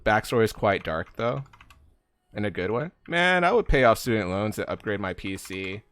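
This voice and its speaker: A man's voice: lowish voice, sing-song, normal speed, fairly bright tone, clear, resonant tone. A young man chatting casually on a live gaming stream, rambling with lots of fillers as he answers chat.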